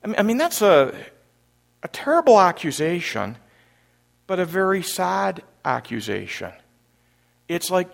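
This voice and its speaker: Animated pastor with a gravelly voice. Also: male voice, high-pitched, a little slow, pauses often. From Canada. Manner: animated storyteller, acts out panicked disciples loudly. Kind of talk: sermon.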